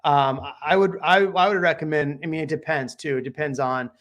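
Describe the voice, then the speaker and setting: Man, real estate host, casual chat, slightly high voice, joking, stop-start phrasing. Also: steady tone, fairly quick, a bit bright. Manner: laid-back, joking, thinks aloud with frequent restarts.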